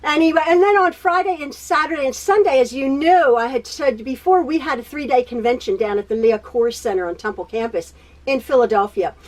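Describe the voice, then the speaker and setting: A woman with a high voice talking a little fast hosts a quilting video from her home sewing room. The talk is a chatty personal catch-up that wanders, with frequent laughs, repetitions, and stutters.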